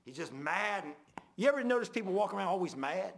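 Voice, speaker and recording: A man preaching a sermon in a folksy way, swinging from loud, high emphasis to low, quiet confession. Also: big pitch swings, brisk, creaky.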